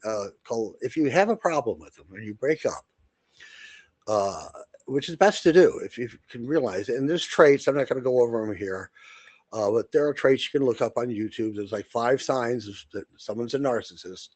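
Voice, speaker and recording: Man, podcast co-host, blunt, rambling, middle pitch, dry close sound. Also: a little mellow, dry recording. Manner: rambling, blunt, with frequent restarts and fillers. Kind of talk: casual monologue.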